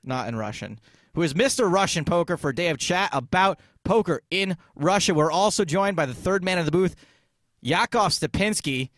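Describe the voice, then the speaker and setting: A man's voice: high voice, animated, fairly bright tone, no room sound. A male radio host bantering in a casual, upbeat, joking way. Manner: upbeat, joking, quick-talking.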